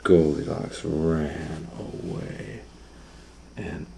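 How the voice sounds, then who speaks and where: A man reading a picture book aloud to children, animated and shifting between loud and hushed delivery. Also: a bass voice, drawn-out words, gravelly, slight background noise. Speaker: storytime reader.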